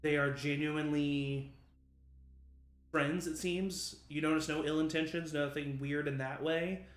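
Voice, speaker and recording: A man narrating as game master in a relaxed way, with many fillers. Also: on the high side, unhurried, echoey room.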